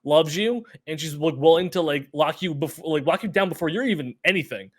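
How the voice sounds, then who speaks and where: A man on a casual movie podcast, making quick wry asides. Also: a little high. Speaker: podcast guest. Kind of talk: casual movie review chat.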